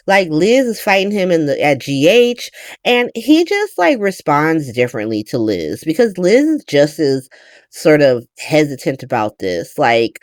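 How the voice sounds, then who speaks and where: A woman's voice: sits low, a little slow, dry recording, clean studio sound. A woman hosting a podcast, recapping a soap opera in casual, profane, slangy chat. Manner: animated, profane, slangy, gossipy. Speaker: podcast host.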